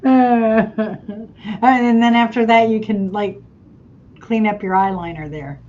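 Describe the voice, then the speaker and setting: A woman hosting a casual livestream game night, easygoing and quick to laugh, over muffled stream audio with faint hiss. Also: a little high, fairly even intonation, a little mellow.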